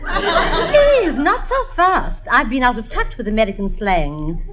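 A woman's voice: high voice, very animated, takes it slowly, crowd noise, heavily acted. An English woman as guest star in 1940s radio comedy, dry and arch, teasing with amused understatement. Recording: crackly old radio recording with clicks.

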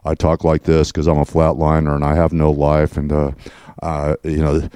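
A man mimicking a dull, lifeless male building inspector in a slow droning monotone. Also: a bass voice, clean tone, no echo, pitched below the performer's own voice.

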